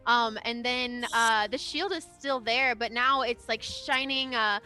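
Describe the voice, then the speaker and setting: Bright high-voiced woman game master. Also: a little slow, soft background music. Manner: chatty, giggly, many fillers. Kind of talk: narrating a tabletop game.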